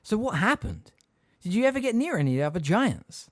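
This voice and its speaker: Guy doing a pushy urgent teen boy, higher voice, audiobook. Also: very animated, brisk, no echo, studio quality. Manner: urgent, direct. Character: impatient, urgent teenage boy. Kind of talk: audiobook character reading.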